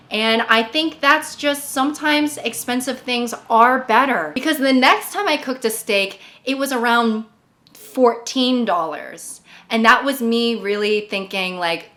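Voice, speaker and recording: A woman's voice: a little high, bright, forceful tone. Rambling, jokey woman vlogger. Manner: rambling, jokey, self-deprecating. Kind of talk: casual chat.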